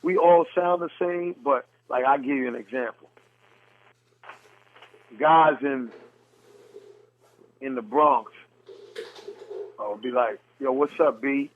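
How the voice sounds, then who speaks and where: A man's voice: medium pitch, takes it slowly, long pauses, narrow, tinny audio, a little hiss or hum. A man from New York City with a New York accent, hosting a casual podcast chat and bluntly comparing how people talk. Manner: blunt storyteller, mimics dialects. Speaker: podcast host.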